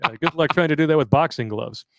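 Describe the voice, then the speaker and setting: A man with a fairly high voice reads a story aloud to his co-hosts in a crude, jokey way. He laughs often between lines. The sound is dry and close-miked. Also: quick pace, creaky, no echo. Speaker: podcast host reading a listener story. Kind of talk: casual live-stream chat.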